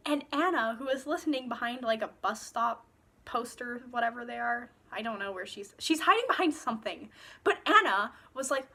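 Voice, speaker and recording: A young woman with a high, bright voice ranting sarcastically about a book. She talks in an exasperated way and swears freely. The sound comes from her phone. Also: expressive, normal speed, gravelly. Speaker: book reviewer. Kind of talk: casual book review rant.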